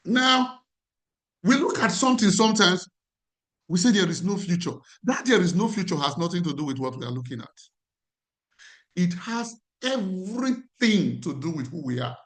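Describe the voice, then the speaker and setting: A man's voice: high voice, expressive, normal speed, fairly bright tone. A man with a Nigerian accent, a life coach teaching a class in an emphatic way and repeating his key phrases.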